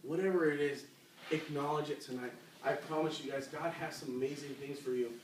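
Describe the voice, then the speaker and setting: A man delivers a youth sermon like a story told among friends, with lots of fillers and questions to the crowd. His voice sits high for a man. The sound comes from away from the mic and echoes around a big church room. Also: steady tone, brisk, far from the mic, slight background noise. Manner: conversational, asks the crowd questions, many fillers. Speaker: youth preacher.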